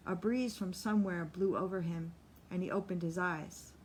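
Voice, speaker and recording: A woman narrating an audiobook in a steady, measured reading voice. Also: lowish voice, slight background noise. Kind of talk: scripted narration.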